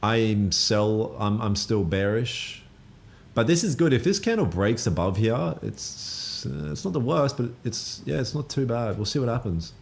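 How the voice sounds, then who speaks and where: A man's voice: mid-range voice, animated, measured pace, creaky. A man hosting a live trading stream, answering viewer comments in a laid-back, slangy, blunt way and swearing now and then. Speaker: trading livestream host.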